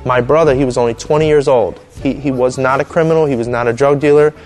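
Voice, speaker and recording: A man's voice: medium pitch, fairly even intonation, a little mellow, soft background music. Man giving an earnest testimony. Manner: earnest, halting, emotional storytelling. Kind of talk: personal testimony.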